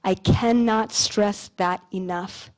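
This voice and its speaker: A woman from Canada in her thirties telling a story on stage in a casual, animated way, full of "like" and the odd swear word. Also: medium pitch, takes it slowly. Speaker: speaker on stage. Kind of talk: motivational stage talk with storytelling. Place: stage at a large expo hall.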